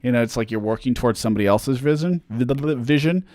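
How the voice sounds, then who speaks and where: A man's voice: medium pitch, quick pace, darkish tone, no echo, studio quality. A man chatting casually on a livestream, answering fan questions in a rambling way, with lots of fillers and self-deprecating jokes.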